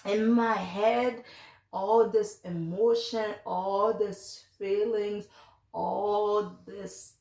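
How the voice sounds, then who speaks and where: A woman's voice: medium pitch, fairly even intonation, drawn-out words, a little mellow. A woman in her twenties, from the United States, telling a personal story to camera in a chatty, confiding, rambling way with lots of fillers. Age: 20s. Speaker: vlogger. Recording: echoey room.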